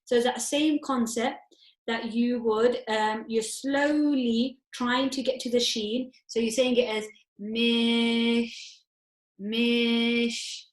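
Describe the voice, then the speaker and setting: A woman's voice: on the high side, fairly even intonation, measured pace, echoey room. A woman teacher explaining recitation rules step by step, asking herself questions and answering them patiently. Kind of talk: tajweed lesson.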